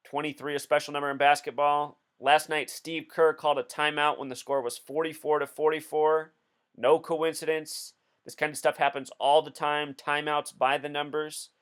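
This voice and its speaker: Smooth-voiced man, insistent explainer. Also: a little high, flat delivery, moderate pace, fairly bright tone. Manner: insistent, explanatory, counting through numbers. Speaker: video host. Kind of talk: casual commentary.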